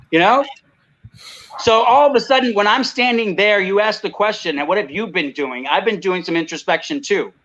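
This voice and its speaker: A man's voice: high-pitched, a bit bright, muffled recording. A man speaking as a guest on a video call, heated and emphatic, often saying "you know" and "I mean". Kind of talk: impassioned video call talk.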